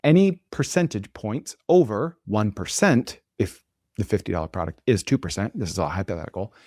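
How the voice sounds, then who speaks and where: A man's voice: on the low side, lively intonation, fairly quick, a little mellow, no room sound, clean studio sound. Self-assured man thinking aloud. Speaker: podcast host and entrepreneur. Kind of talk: casual screen-share monologue.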